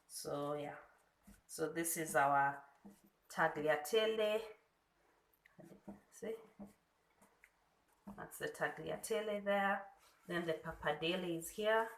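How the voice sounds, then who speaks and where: A Kenyan woman gives a slow, step-by-step cooking lesson in a home kitchen. Her voice is bright and a little low-pitched. The room is echoey, with faint clatter of pots and dishes. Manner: unhurried, demonstrating step by step. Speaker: food blogger. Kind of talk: cooking tutorial.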